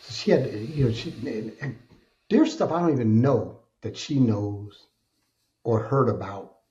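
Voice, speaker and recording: A middle-aged man who is a podcast guest, telling his personal story in an earnest, colloquial and animated way. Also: mid-range voice, unhurried. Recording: dull lo-fi sound.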